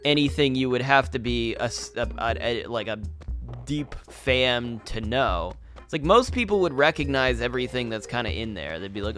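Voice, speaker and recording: A young man chats loosely while he plays a game, with his voice at an ordinary middle pitch. He rambles and restarts his sentences, often breaking into laughter. Faint game music plays behind him. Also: expressive, moderate pace, fairly bright tone. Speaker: gaming channel host. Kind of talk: casual commentary over gameplay.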